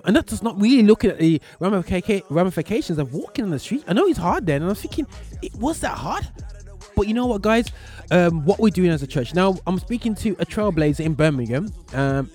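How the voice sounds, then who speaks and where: A man's voice: a little high, a little mellow. A man in his forties hosting a casual radio show from a small studio, talking in a loose, rambling way with slang.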